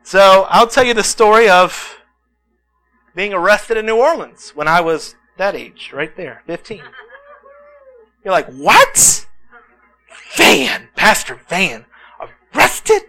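A man delivering a sermon from the pulpit, his voice high and ringing. He tells lively personal stories, animated and acting out the voices of the people in them. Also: a little slow, pauses often, poor audio. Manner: animated storytelling, acts out quotes. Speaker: pastor.

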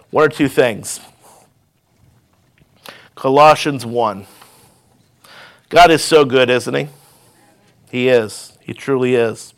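A high-voiced male pastor preaching a sermon. He tells stories in a conversational way and draws in the congregation with call-and-response asides.

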